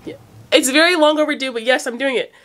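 Young woman, high-pitched, unedited phone vlog, teary and rambling, filler-heavy. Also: fast, a bit bright. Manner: rambling, emotional, near tears, many "like" fillers. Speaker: vlogger opening fan mail.

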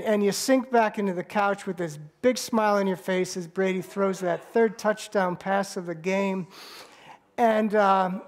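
A man preaching a sermon as pastor, bantering with the congregation and telling a story with halting restarts. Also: high-pitched. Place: church sanctuary.

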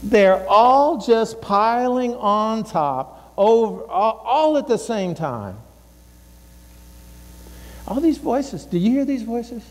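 A man's voice: very high-pitched, expressive, takes it slowly. A middle-aged male pastor preaching in a conversational style, repeating himself and acting out other people's words. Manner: conversational, repeats words, acts out quoted voices. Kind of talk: sermon. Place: church sanctuary. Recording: long hall reverb.

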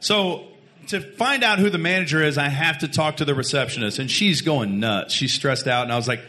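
A radio host with a Texan twang tells a story live, his voice sitting a little high. He acts out every quote, with a lot of laughs. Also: a little fast, pushed and bright.

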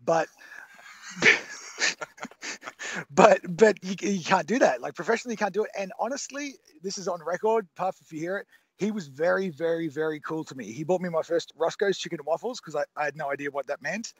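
A recording engineer in his thirties talks through his sessions in a loose, restless way, circling back and restarting his sentences. His voice sits a little high for a man. The sound is dry and close. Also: fairly quick, breathy edge, no echo. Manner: rambling with many restarts and fillers. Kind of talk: casual interview talk.

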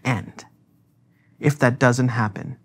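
A man speaking as theologian co-host in a podcast discussion, animated and emphatic, with frequent filler words. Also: medium pitch, slow, slightly rough.

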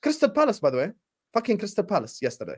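A man with a notably high-pitched voice rants about his football club on a fan panel show. He swears freely and sounds fed up. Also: wildly swooping pitch, fast, darkish tone, slightly rough. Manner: ranting, profane, exasperated. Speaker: football pundit, Liverpool fan. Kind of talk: heated fan panel talk.

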